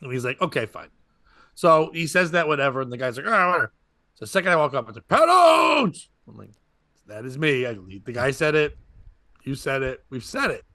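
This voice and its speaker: A man's voice: mid-range voice, brisk, pushed and bright, no room sound, studio quality. A man, a comedian and podcast host, tells a rambling stand-up story and acts out other people's lines as he goes.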